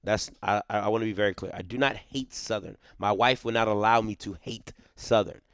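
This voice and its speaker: A man's voice: on the low side, steady tone, brisk, fairly bright tone, smooth, dry recording, clean studio sound. A man hosting a sports show, giving casual, opinionated commentary. He talks emphatically, repeats his points, restarts sentences and often tags them with "right?".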